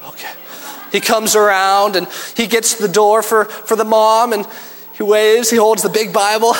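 A man's voice: high voice, normal speed, in a large hall. A man preaching a sermon in a church, telling stories and acting out scenes with animation. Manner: animated storytelling, acts out scenes. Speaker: pastor.

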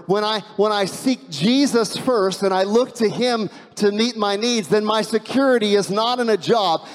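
A middle-aged man preaching a sermon as pastor, earnest, repeating key phrases and prompting the congregation to respond. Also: on the high side. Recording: long reverb of a large hall.

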